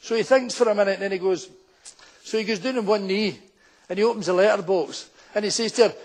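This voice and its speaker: Speaking quickly in a high register, a Scottish former policeman of advancing years tells stories on stage in a packed town hall. His accent is Glaswegian, and he voices the people from his tales in thick local dialect.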